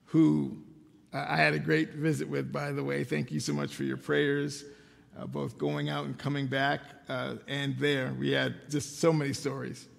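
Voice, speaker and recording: An older man delivers a sermon in a high, gravelly voice, spinning personal stories with a dry, self-deprecating wit. His words ring out with a long reverb in a church sanctuary. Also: level tone, normal speed. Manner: conversational storytelling with self-deprecating humor. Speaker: pastor.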